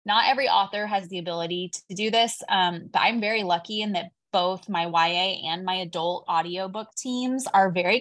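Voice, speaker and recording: Woman, middle-aged, from Texas, guest author, chatty, rambling, medium pitch. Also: no echo. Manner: chatty, animated, rambling with fillers. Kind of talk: casual video-call interview.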